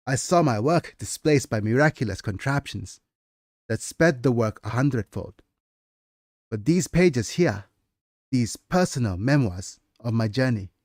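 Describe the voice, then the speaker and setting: A man's voice: mid-range voice, darkish tone, no room sound, studio quality, close to an everyday voice. Man voicing an aging scribe with a Nigerian accent. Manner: solemn and reflective. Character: aging male scribe recalling his past. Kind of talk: reading a novel aloud.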